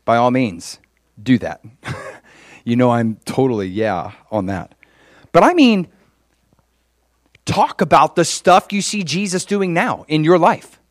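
Man, preacher, sermon, animated, conversational, fairly high voice, dry close sound. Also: slow pace, pauses often, no echo. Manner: acts out quoted conversations in changed voices.

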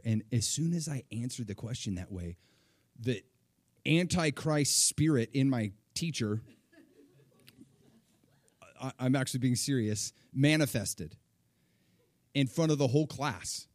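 A middle-aged man preaching, telling a personal story with animated, acted-out quotes. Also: a little high, moderate pace, long pauses, no room sound, clean studio sound. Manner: animated, acts out quoted voices. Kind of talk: sermon storytelling.

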